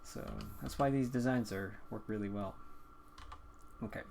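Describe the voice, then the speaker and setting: A man's voice: lowish voice, a little slow, creaky, background noise. A man hosting a live drawing stream, chatting casually and rambling with lots of filler words as he sketches. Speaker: drawing livestream host. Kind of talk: casual chat while drawing.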